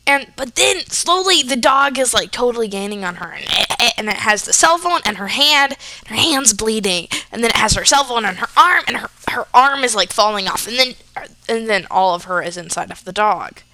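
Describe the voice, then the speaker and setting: Animated young woman telling a rambling story. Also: a little high, fairly quick, dry recording. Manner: rambling, many fillers and restarts, animated. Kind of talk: casual spoken storytelling.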